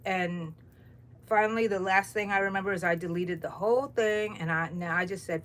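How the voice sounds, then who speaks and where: Speaking a little fast in a fairly bright, medium-pitched voice, a middle-aged woman hosts a crochet livestream from her home. She rambles and greets viewers by name on an overcast morning.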